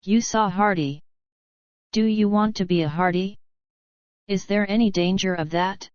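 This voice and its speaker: Женщина читает за настороженного молодого парня. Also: female voice, medium pitch, a little slow, a little mellow, dry recording, dull audio, lightly acted. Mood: guarded. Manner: curt, noncommittal. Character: wary young man, tough and guarded.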